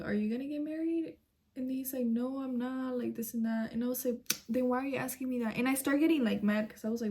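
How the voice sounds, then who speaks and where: A chatty young woman in a personal vlog, speaking a little higher than most women. Her talk is full of "like" and casual swearing, with Spanish phrases slipped in. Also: warm tone. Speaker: vlogger. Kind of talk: casual storytelling to camera.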